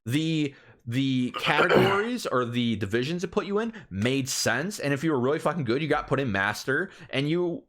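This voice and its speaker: A man co-hosting a podcast, talking casually in an animated, profane and boastful rant. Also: mid-range voice, moderate pace. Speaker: podcast co-host. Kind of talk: casual chat.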